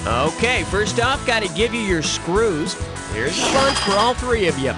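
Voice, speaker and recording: A man hosting a quiz game, wisecracking and punning, jumping between loud calls and low asides. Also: very animated, a little slow. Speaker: quiz show host. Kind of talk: scripted game show hosting. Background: game music.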